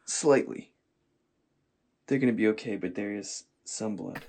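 A man's voice: on the low side, measured pace, noisy background. A man leaving a casual voice message, laughing and swearing freely. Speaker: friend sending a voice memo.

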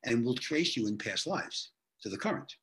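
A man's voice: medium pitch, animated, moderate pace, fairly bright tone, lightly acted. A man voicing a depressed woman patient in her thirties as he retells her case, earnest and puzzled.

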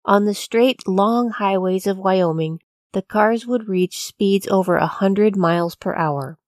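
A woman narrating a true-crime story from a script, in a measured, even storytelling delivery. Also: medium pitch, no echo, clean studio sound. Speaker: podcast narrator.

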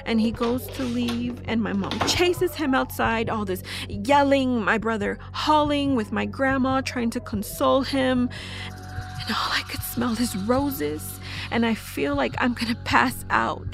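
A woman narrating a first-person horror audio drama, telling it breathlessly with halting restarts. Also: fairly high pitch, creaky, over music. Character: young woman recalling a family horror.

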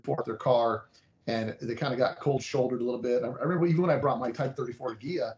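A man's voice: medium pitch, fast, darkish tone, echoey room, dull audio. A man hosting a casual chat, reflective and rambling with restarts.

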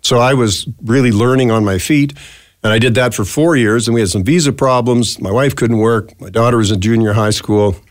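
A man in his sixties, a retired news anchor, telling lively anecdotes as a studio interview guest. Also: medium pitch, a little fast, no echo. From Canada. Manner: chatty, animated anecdotes, acts out quotes. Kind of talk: relaxed storytelling in a studio interview. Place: podcast studio.

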